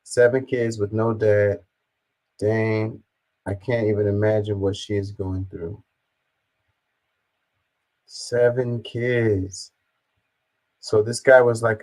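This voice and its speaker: A man's voice: lowish voice, a little mellow, low-quality recording. A man casually reacting to a news story, reading viewer comments aloud and swearing bluntly.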